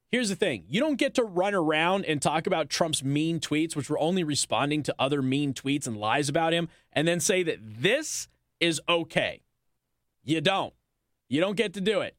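A man's voice: fairly high pitch, a bit bright, no room sound, studio quality. A male talk radio host, possibly from Indiana, delivering an indignant, sarcastic monologue.

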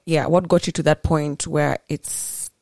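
Gravelly low-voiced woman podcast host. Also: steady tone, a little mellow, no echo, studio quality. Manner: probing, measured questions. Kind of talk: podcast interview.

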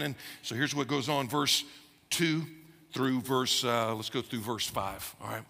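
A male pastor preaching a sermon in a church, animated and conversational, with playful asides to the congregation. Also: medium pitch, moderate pace, creaky, long reverb tail. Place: church auditorium.

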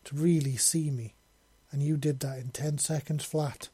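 A man's voice: fairly high pitch, fairly even intonation, normal speed, warm tone, breathy edge, dry recording. A man voicing a lovestruck, devoted and possessive female dragon-woman in an audiobook, making earnest, tender declarations. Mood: adoring. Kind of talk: audiobook character voice.

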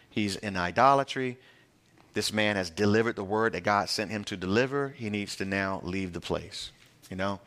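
A man with a somewhat low voice preaches a verse-by-verse Bible study. He talks to the congregation in a conversational, emphatic way, in plain everyday words. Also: fairly bright tone. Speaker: pastor. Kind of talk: verse-by-verse Bible teaching sermon.

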